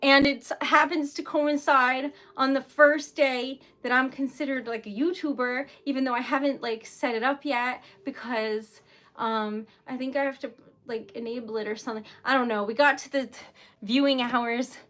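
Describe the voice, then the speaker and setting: A woman's voice: high voice, steady tone, normal speed, fairly bright tone. A young woman running a casual livestream for her small business, flustered and giggly as she thanks viewers.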